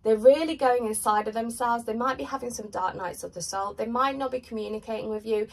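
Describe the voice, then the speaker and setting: Husky congested woman tarot reader. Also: fairly high pitch, fairly quick, far from the mic, rough recording. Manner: chatty, rambling, filler-heavy. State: congested with a cold. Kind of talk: pick-a-card tarot reading to camera.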